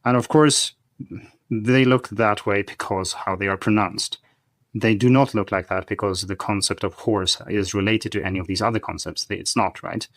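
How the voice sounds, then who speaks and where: His voice is fairly low and fairly bright, with fairly even intonation at a moderate pace and no echo. Appearing as a guest on a podcast conversation, this Chinese-learning expert lays out his points methodically, like an instructor.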